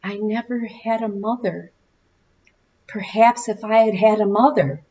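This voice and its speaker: A woman's voice: mid-range voice, fairly even intonation, a little slow, dark tone, a little hiss or hum, close to an everyday voice. A woman minister voicing a remorseful young man on trial, in a muffled sermon recording. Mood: pleading.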